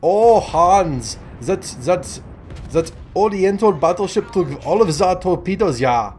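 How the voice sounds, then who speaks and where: A man's voice: high voice, expressive, slow, a little mellow, a little hiss or hum, pitched above the performer's own voice. A man doing a comic German sailor. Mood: gossipy. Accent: mock German. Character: comic German sailor gossiping, male adult.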